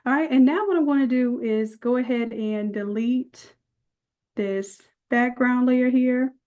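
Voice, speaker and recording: A woman's voice: a little high, measured pace, warm tone, dull audio. A woman leading a live online design class, chatty and folksy, calling her viewers y'all as she walks through the steps. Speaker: design instructor.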